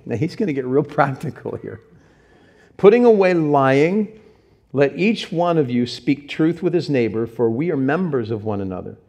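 Preaching man, loud then hushed. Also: medium pitch. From Cincinnati, Ohio. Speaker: pastor. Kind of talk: sermon.

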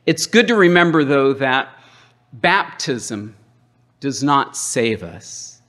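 A middle-aged man preaching a sermon as pastor, emphatic, with dramatic pauses and call-and-response with the congregation. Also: medium pitch, big pitch swings, fairly bright tone.

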